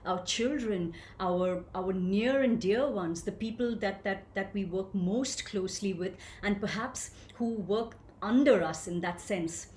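A woman leading a voice workshop for coaches, lively and questioning, answering participants by name. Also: medium pitch, reverberant, a little hiss or hum. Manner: animated, asks the group questions and answers them. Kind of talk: live online workshop teaching.

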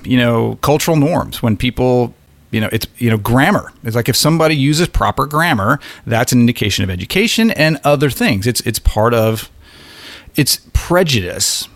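A man's voice: medium pitch, lively intonation, moderate pace, no room sound. A man talking through an uncomfortable topic in candid conversation, thinking aloud with frequent restarts and repeated words.

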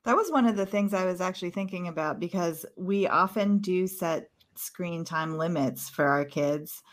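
Woman host, a bit low voice, chatty and agreeable in an interview. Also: normal speed. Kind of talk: conversational interview talk.

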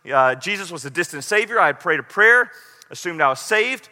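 A man's voice: high-pitched, lively intonation, fairly quick, sharp tone, big-room sound. A middle-aged man preaching a sermon, earnest and at times pleading. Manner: earnest, rising to pleading intensity. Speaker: pastor.

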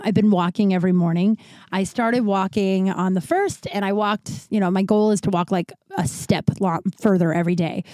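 Mellow-voiced woman telling a candid story. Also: fairly low pitch, dry recording. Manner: candid and profane, rambling with restarts. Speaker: podcast host. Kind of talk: casual storytelling monologue.

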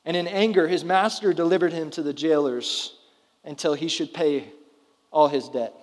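A man's voice: a little high, steady tone, normal speed. A man in his thirties preaching a sermon to his congregation in a conversational way, often putting questions to the room. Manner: conversational, asks the audience questions. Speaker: pastor. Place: church hall before a congregation. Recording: roomy hall with long reverb.

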